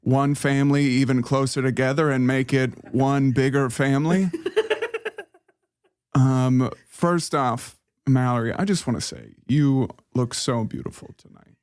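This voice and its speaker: A man's voice: medium pitch, measured pace, darkish tone, smooth, natural voice. A man playing a bumbling best man giving a wedding toast, his delivery fumbling and corny. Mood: mock-sincere. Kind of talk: comedic wedding toast bit.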